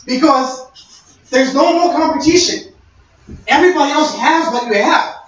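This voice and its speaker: A man's voice: very high voice, expressive, normal speed, fairly bright tone. Young male speaker, sermon-style storytelling, distant and muffled recording. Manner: conversational, storytelling with quoted dialogue. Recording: echoey, distant, dull-sounding room recording.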